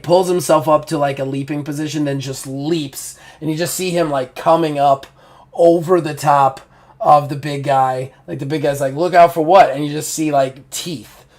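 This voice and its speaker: A man's voice: fairly high pitch, fairly even intonation, normal speed. A man running a tabletop game as game master, narrating in a casual, rambling way.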